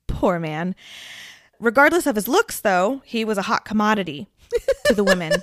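A woman's voice: medium pitch, sing-song, unhurried, fairly bright tone, slight background noise. A woman in her thirties hosting a podcast, telling a story in a chatty way and laughing often. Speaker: podcast host. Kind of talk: casual storytelling chat.

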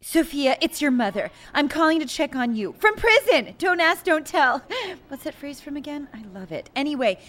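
An actress doing a flustered mother who rambles through voicemails in a high voice. She talks herself in circles and keeps trying to sound upbeat. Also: very animated, normal speed, hardly any pauses, a bit bright. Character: flustered, chatty mother calling from prison. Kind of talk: sketch comedy phone call.

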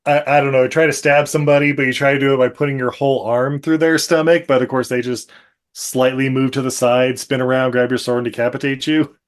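A man's voice: mid-range voice, little pitch movement, a little fast. A man hosting a podcast, chatting casually and laughing often as he retells scenes with quoted asides over a video call. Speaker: podcast host. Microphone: video call microphone.

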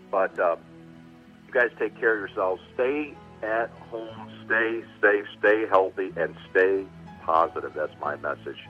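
A man, a sportscaster guest, reflecting at length on a radio show, speaking over a phone line. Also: low-pitched. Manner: warm reflective storytelling with frequent pauses. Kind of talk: casual radio interview. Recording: tinny phone line with music.

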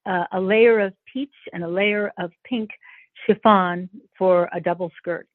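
A woman's voice: fairly low pitch, no room sound. Older woman telling a painful story, tinny. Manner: earnest, halting with restarts, vivid retelling. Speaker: interview guest. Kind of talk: emotional personal storytelling. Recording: dry tinny phone-like sound.

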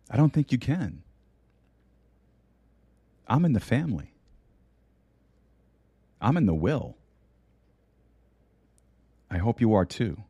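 A middle-aged man preaching a sermon and telling a story, slowing down to stress key words. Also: medium pitch, big pitch swings, warm tone, husky, no room sound.

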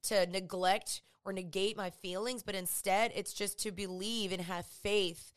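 A woman speaking in a casual devotional talk, earnest and conversational. She draws listeners in with vivid storytelling. Her voice sits at a middle pitch. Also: steady tone, unhurried. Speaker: Christian speaker.

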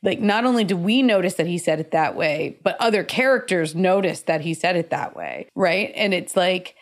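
A woman on a podcast panel, making thoughtful, measured remarks in casual chat. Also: fairly low pitch, lively intonation.

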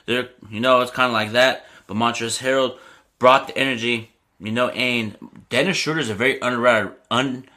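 Bright-voiced man ranting about sports. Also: mid-range voice, normal speed. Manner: animated, ranting, lots of "you know what I mean". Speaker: sports podcast host. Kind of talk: casual sports talk.

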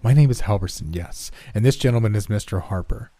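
A man voicing a startled male gambler and former doctor, speaking higher and stammering in alarm. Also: brisk, mellow, husky, dry recording. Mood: reassured.

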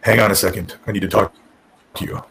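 A man imitating a male wrestling booker who talks in a flat, deadpan monotone, lower than his own voice. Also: quick pace, vocal fry, slight background noise, poor audio.

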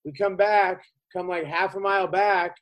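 A man with a high-pitched voice tells a story in loose, casual chat. He rambles, restarts his sentences and swears often. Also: fairly even intonation, a bit bright, rough recording. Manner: rambling, profane, halting.

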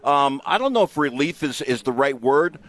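A man's voice: medium pitch, expressive, moderate pace, a bit bright. A man answering questions as a radio guest, thoughtful and a little hesitant. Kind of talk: interview answer.

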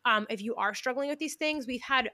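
Intense young woman podcast host, forceful bright delivery, emphatic casual chat over a video call. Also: a little high, a little fast, no room sound. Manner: intense, emphatic, talks like she is yelling.

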